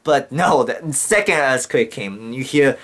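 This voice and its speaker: A man's voice: mid-range voice, expressive, measured pace, fairly bright tone. Young man rambling with heavy swearing. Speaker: vlogger. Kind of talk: casual storytelling to camera.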